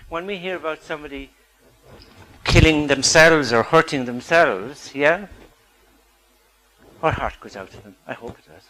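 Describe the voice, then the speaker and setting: A man's voice: fairly high pitch, a bit bright, low-quality recording. Earnest man giving a public talk. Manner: earnest, asks the audience rhetorical questions.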